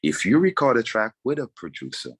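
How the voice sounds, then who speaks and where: A man's voice: medium pitch, wildly swooping pitch, fairly quick, husky. A Vincentian man, a reggae artist, talking passionately in an interview and firing off rhetorical questions. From Saint Vincent and the Grenadines.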